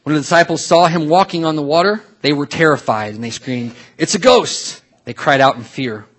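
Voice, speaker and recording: Husky-voiced man preaching a lively sermon. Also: fairly high pitch, brisk. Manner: lively storytelling, swinging from soft asides to loud acted-out voices. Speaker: pastor.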